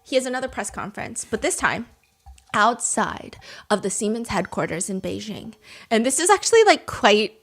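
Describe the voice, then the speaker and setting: A young woman hosting a podcast, telling a story in casual chat, animated and laughing often as she acts out what people said. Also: on the high side, moderate pace. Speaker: podcast host.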